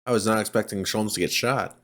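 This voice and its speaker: A man's voice: fairly low pitch, a little fast, fairly bright tone. A man hosting a let's play, giving casual commentary, chatting along as he reads the game text aloud and laughs often.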